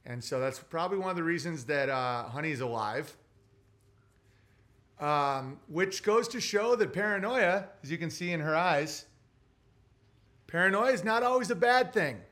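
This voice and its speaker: A man rambles through viewer messages on his livestream, cursing freely and breaking off to talk to his dog. His voice is bright and forward, sitting a little high for a man. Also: lively intonation, a little slow, pauses often. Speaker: livestream host reading super chats. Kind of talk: casual livestream chat.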